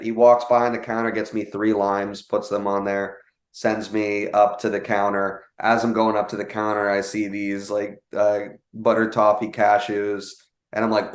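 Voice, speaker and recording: A young man telling a casual story, animated, with many fillers and quoted voices. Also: lowish voice, echoey room. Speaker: guest telling a sales story.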